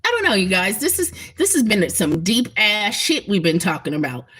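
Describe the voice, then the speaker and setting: A woman's voice: mid-range voice, big pitch swings, moderate pace, fairly bright tone, breathy edge. A woman talking emphatically and bluntly to her viewers in a casual spiritual livestream, swearing freely. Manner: emphatic, profane, talks straight to viewers.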